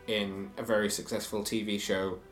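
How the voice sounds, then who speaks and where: A man talks through his opinions in a relaxed, chatty co-host manner. His voice carries a noticeable room echo. Soft music sits faintly underneath. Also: fairly low pitch, moderate pace. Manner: chatty, opinionated, reads quotes aloud. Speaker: podcast co-host. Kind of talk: casual TV review chat.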